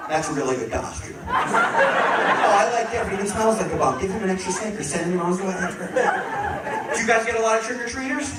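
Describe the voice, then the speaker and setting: Stand-up comic, male, high and lively voice, punchy crowd work, recorded far off in an echoey club with a loud laughing crowd. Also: fast. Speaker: stand-up comedian. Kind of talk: stand-up comedy set. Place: comedy club stage. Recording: echoey club audio from a distance. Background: audience laughter and room noise.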